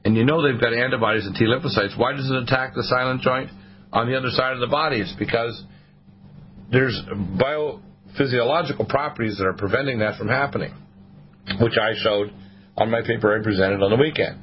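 A man's voice: medium pitch, brisk. Male talk radio host, preachy and rambling, slightly dull broadcast sound. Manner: rambling, sermon-like, quoting the Bible.

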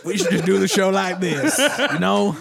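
Young male podcast host; loose, profane banter with friends, slightly high voice. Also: expressive, moderate pace, gravelly, crowd noise. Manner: joking, laughing, loose and profane. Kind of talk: casual chat.

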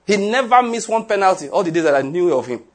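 A man's voice: high-pitched, quick pace. A man preaching a sermon, telling stories and asking the congregation rhetorical questions. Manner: animated storytelling with rhetorical questions. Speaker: pastor.

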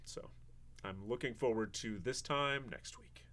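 A man hosting a podcast, chatting in a relaxed, rambling way. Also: medium pitch, unhurried. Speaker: podcast host. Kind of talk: casual chat.

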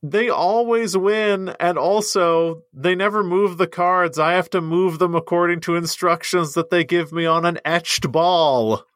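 A man's voice: sits high, a little slow, hardly any pauses, a bit bright. A man co-hosting a comedy podcast, bantering casually and pushing puns while prodding for a reaction. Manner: jokey, punning, pressing for reactions. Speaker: podcast co-host.

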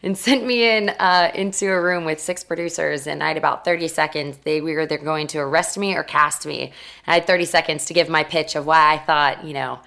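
Young female interviewee, low register, animated casual storyteller. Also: brisk, gravelly. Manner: animated, acts out quoted voices. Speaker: interview guest.

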